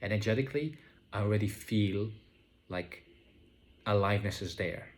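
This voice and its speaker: A man talking slowly and reflectively about his spiritual experiences, pausing often and restarting his sentences. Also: on the low side, noisy background. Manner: slow, searching, full of fillers and restarts. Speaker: vlogger sharing spiritual experiences. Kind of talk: reflective casual monologue.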